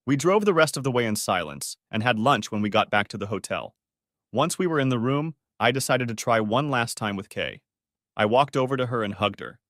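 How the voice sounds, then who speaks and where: A man's voice: mid-range voice, expressive, fairly quick, fairly bright tone, no room sound, clean studio sound. A man narrating a first-person audiobook story in a restrained, bitter tone.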